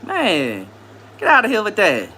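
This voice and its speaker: A man on a live stream responds to chat with easygoing, slangy banter and frequent laughter. His voice is bright, fairly high for a man, and has a breathy edge, and he speaks a little slowly while his pitch shifts widely from line to line.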